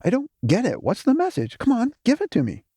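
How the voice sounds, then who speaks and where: Impatient demanding young male, man doing, raspy lively voice, storybook figure. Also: fairly high pitch, moderate pace, dry recording, studio quality, exaggerated voice. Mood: impatient, snapping. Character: agitated young male Smudge, demanding and spiteful.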